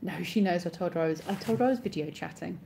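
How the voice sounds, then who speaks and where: A woman's voice: fairly low pitch, fast, gravelly, mellow, a little hiss or hum. A woman in her thirties, chatting casually on a live stream and answering viewers' comments as they come in.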